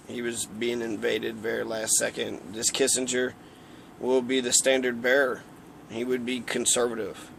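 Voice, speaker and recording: A man's voice: mid-range voice, gravelly, fairly bright tone, slight background noise. Profane, rambling man ranting about war. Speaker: political commentator. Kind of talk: casual political rant.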